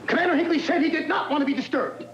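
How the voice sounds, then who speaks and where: A man's voice: very high-pitched, racing, dull audio, heavy background noise. An actor playing a dim, childlike young male private who sounds eager and naive, in a 1970s TV comedy.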